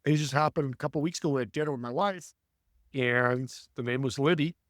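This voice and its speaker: A man guest telling animated stories in an interview, acting out voices as he speaks. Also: medium pitch, brisk, dry recording, clean studio sound. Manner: animated, acts out voices in anecdotes. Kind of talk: storytelling interview talk.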